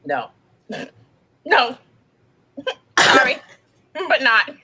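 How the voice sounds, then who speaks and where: A woman in her forties with a fairly high, bright voice that swings widely in pitch. She talks in casual chat, blunt and profane and often laughing. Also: big pitch swings, drawn-out words, breathy edge, low-quality recording. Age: 40s.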